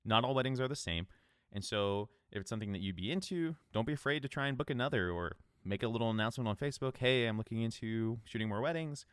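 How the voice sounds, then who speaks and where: A man's voice: mid-range voice, lively intonation, fast, a bit bright, smooth, dry recording. A man hosting a solo podcast, giving casual, upbeat advice in a conversational way. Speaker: podcast host.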